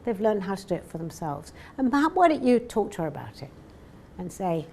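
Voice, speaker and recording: A woman's voice: mid-range voice, very animated, fairly quick, dark tone, a little hiss or hum. A woman giving a conversational seminar talk, chatty and anecdotal, often acting out little dialogues. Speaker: seminar presenter. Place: seminar room.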